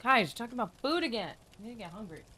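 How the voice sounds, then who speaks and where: A woman's voice: on the high side, big pitch swings, rapid-fire, sharp tone, breathy edge. A woman live-streaming a video game who chats playfully with her viewers and rambles about quests. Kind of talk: live gaming stream chat.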